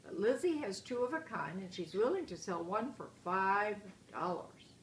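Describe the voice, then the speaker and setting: A woman's voice: medium pitch, big pitch swings, normal speed, fairly bright tone. A woman reading aloud as an eager young boy bear cub in a picture book, in a roomy recording with faint hiss.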